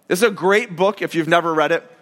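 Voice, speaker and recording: High-pitched guy pastor, chatty sermon, lots of restarts, big echoey church sound. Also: fast. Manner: conversational, animated preaching with many fillers and restarts. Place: church hall.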